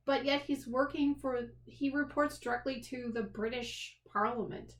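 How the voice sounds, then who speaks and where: High-pitched female co-host, blunt critic, roomy recording. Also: steady tone, moderate pace. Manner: blunt, dismissive, repeats herself. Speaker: podcast co-host. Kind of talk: casual movie review chat. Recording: echoey room.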